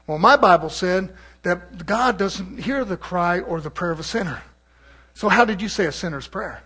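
Man, preacher, sermon, very high voice, bright and forceful tone, shouted peaks and quiet asides, calls for congregation response. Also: animated, normal speed, pauses often, slightly rough. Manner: swings from low murmurs to shouted preaching.

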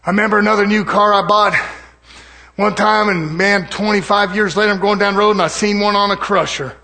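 A man's voice: sits high, steady tone, fairly quick, sharp tone. A man preaching a sermon in an impassioned, folksy way, firing off rhetorical questions.

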